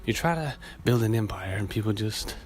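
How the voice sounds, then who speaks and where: A man with a naturally low voice hosting a casual solo podcast, rambling and laid-back, swearing often. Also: animated, moderate pace, slight background noise. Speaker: podcast host. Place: outdoors in a city, weed whacker nearby.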